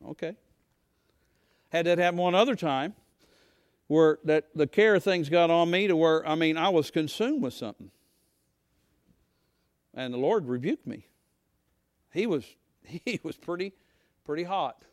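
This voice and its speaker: A middle-aged male pastor preaching a sermon in a folksy, conversational way, talking straight to his congregation and sometimes rising to a shout. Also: a little high, normal speed, long pauses, no echo, studio quality.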